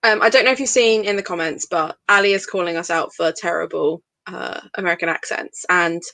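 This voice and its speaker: A woman's voice: fairly low pitch, a little fast, sharp tone. A young woman hosting a livestream book club, chatting casually and teasing her guests with frequent laughter. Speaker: livestream host. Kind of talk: casual chat.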